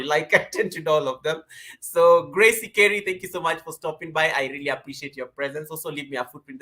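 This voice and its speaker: A man hosting a casual live stream from home, greeting viewers by name with lively energy. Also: fairly high pitch. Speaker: livestream host.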